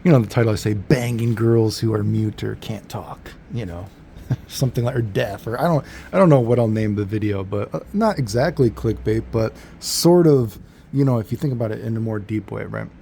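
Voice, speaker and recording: A man's voice: lowish voice, lively intonation, a little fast, gravelly, dark tone, a little hiss or hum. A man telling a story in a casual, rambling monologue, laid-back and full of fillers and self-corrections. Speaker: vlogger.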